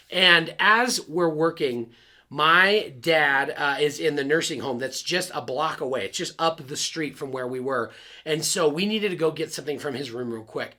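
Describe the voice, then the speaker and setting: A man's voice: fairly high pitch, pushed and bright. A man, a pastor, telling a personal story in an earnest, confiding way and speaking straight to his listeners. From Arizona.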